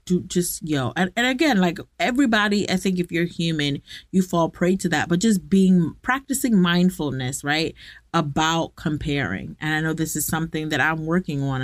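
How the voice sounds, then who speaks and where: A woman's voice: lowish voice, dry recording, clean studio sound. A young adult woman hosting a podcast, talking candidly and directly to her listeners in a reflective personal monologue, recorded in a walk-in closet at home. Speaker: podcast host.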